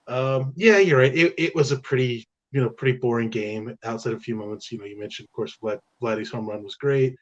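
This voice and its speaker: A man's voice: medium pitch, brisk, hardly any pauses. A man co-hosting a casual sports talk show in an easygoing, conversational way. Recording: slightly dull, muffled audio.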